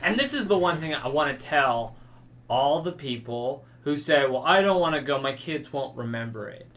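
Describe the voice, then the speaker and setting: Bright earnest podcast co-host. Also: medium pitch, expressive, moderate pace. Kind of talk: casual chat.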